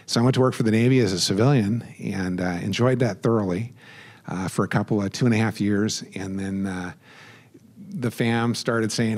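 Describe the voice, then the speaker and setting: A middle-aged man giving a speech at a memorial ceremony, halting with fillers and restarts, choked up with emotion and chuckling at himself. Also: on the low side, a little mellow. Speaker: guest speaker.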